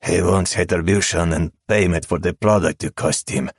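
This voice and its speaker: A man's voice: deep voice, fairly even intonation, slow, vocal fry, no echo, studio quality, full character voice. A man voicing a bulky, hostile male cartel thug with a heavy Brazilian Portuguese accent, spitting out contempt through clenched teeth, in an audiobook.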